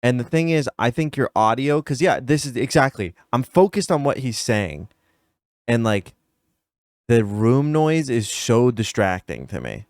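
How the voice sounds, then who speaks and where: A man's voice: mid-range voice, lively intonation, a little slow, a little mellow, no echo, clean studio sound. A man streaming a casual reaction to a video, nitpicky and emphatic as he talks straight to his viewers.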